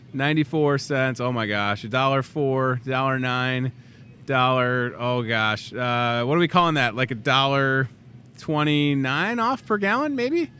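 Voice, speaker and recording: With slight background noise behind his medium-pitched voice, a man in his thirties hosts a live talk show set in a grocery store. He comes across as animated and jokey, prone to rambling asides.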